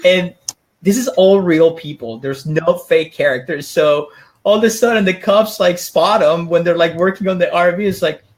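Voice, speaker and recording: A man's voice: high voice, normal speed. A man co-hosting a podcast, animatedly retelling a funny story and laughing often in casual chat. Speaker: podcast co-host.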